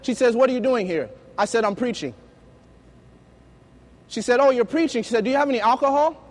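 High-voiced man preaching with stories. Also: rapid-fire. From United States. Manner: lively storytelling, acting out dialogue. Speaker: youth preacher. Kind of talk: sermon with personal stories.

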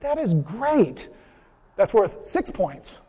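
A man's voice: sits high, very animated, slow pace, breathy edge, exaggerated voice. A man doing a cheerful Saint Peter at the gate. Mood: praising. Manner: warm, exclaiming praise. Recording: long hall reverb.

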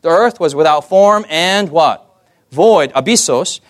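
Lively man preaching, dry close sound. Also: fairly high pitch, unhurried, dry recording. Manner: lively, asks the audience "amen?" often, jokey asides. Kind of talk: sermon.

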